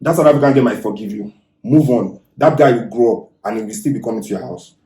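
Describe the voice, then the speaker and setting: Nigerian man, podcast guest, lively anecdotes, roomy echo. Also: medium pitch, fast talker, background noise. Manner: animated storyteller, repeats himself. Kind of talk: casual podcast chat. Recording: echoey room.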